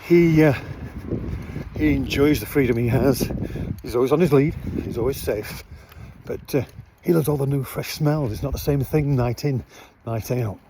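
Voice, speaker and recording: A man rambles through a relaxed vlog outdoors at night beside his van, dropping in many fillers. His medium-pitched voice moves at a moderate pace over a noisy background.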